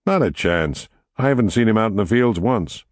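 A man's voice: fairly low pitch, expressive, moderate pace, no room sound, clean studio sound, voice pushed up, lightly acted. A man reading the part of an idle, amused grown man who teases offhandedly. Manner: offhand and teasing. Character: casual, amused adult man, farmer's idle brother.

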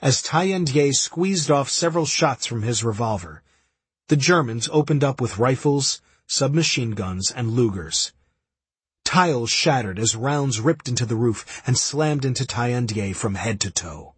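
Husky man narrating a grave history. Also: mid-range voice, animated, no echo. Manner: grave, measured storytelling. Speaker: audiobook narrator. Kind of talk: scripted narration.

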